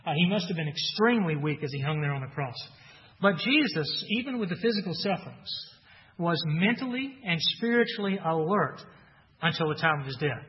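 A man preaching a sermon earnestly, rising loud for emphasis and dropping soft for weight. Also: on the high side, lively intonation, brisk. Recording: dull sound with long hall reverb.

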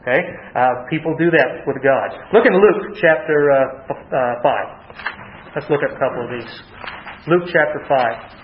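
A man preaching a sermon, stumbling and repeating words as he talks, and slowing down to read scripture. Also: mid-range voice, a little hiss or hum. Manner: halting, repeats words, reads scripture slowly. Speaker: pastor. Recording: roomy, dull lo-fi sound.

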